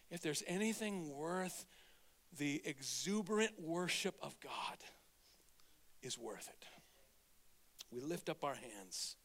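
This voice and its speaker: A man preaching a sermon as pastor, getting over a cold, energetic and exhorting, swinging from loud to hushed. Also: a little high, long reverb tail. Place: church sanctuary.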